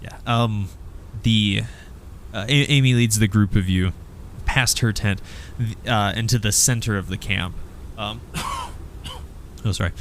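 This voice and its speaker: A man narrating as game master of a tabletop role-playing game, halting and restarting often. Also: fairly low pitch, fairly bright tone, a little hiss or hum.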